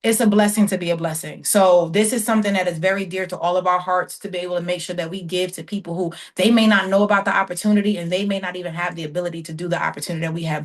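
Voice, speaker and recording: A woman coaching her team on a casual call, chatty and folksy, often shouting with excitement. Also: fairly low pitch.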